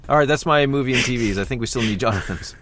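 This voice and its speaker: A man co-hosting a casual podcast, speaking haltingly with many fillers. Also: medium pitch, noisy background. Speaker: podcast co-host. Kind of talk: casual chat.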